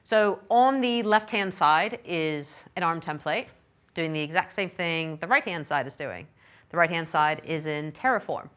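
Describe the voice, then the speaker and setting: A lower-voiced middle-aged woman presents a technical session at a conference. Her delivery is chatty and informal. She drops in self-deprecating, apologetic asides as she goes. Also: measured pace, fairly bright tone. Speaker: conference speaker.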